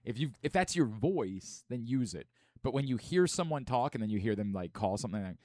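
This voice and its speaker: Hoarse male radio host, lively. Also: mid-range voice, a little fast, no room sound, clean studio sound. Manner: self-mocking, repetitive joking. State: hoarse from singing at a concert. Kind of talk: casual sports radio banter.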